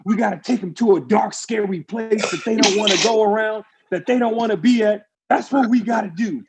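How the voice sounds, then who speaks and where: A man's voice: high-pitched, brisk, heavy background noise, voice pushed up. A man doing an impression of a fired-up team captain giving an intense pep talk to his defense.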